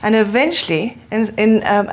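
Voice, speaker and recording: A woman's voice: medium pitch, expressive, normal speed. A middle-aged woman with a speech defect, talking earnestly as an interview guest and telling stories. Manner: earnest and storytelling. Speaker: interview guest, spiritual teacher. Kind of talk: conversational interview.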